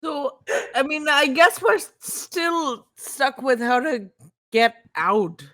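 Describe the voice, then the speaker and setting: Slow, thoughtful tabletop player. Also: sits high, expressive, bright, forceful tone. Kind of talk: casual tabletop role-play.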